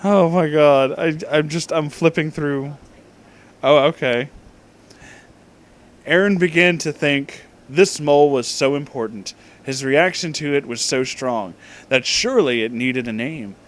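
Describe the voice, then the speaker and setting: A man's voice: fairly high pitch, a little slow. Young man reading fan fiction aloud. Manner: incredulous, laughs often, deadpan reading. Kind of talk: comedic reading with commentary.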